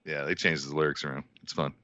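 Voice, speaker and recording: A man's voice: a bass voice, level tone, fast, sharp tone, no echo, highs cut off. A man playing along as a contestant in a podcast lyrics quiz, chatty and jokey. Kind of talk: casual podcast chat.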